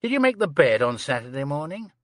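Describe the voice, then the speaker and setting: A man reading the part of a calm, courteous police inspector who asks measured, pleasant questions. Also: a little high, no echo, studio quality. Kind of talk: audiobook character reading.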